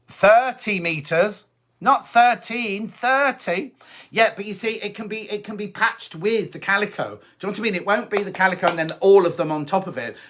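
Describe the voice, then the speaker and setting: Barely pausing, a man talks quickly in a high-pitched, fairly bright voice while hosting a sewing live stream from home. He chats cheerfully, reads viewer comments out loud, and restates his points.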